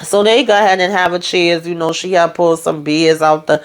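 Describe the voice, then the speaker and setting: A woman's voice: fairly low pitch, flat delivery, brisk. A woman hosting a casual TV episode recap, chatty, retelling scenes by quoting the characters, with lots of "you know" and "like.". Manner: heavy use of "you know" and "like" fillers. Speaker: TV recap host.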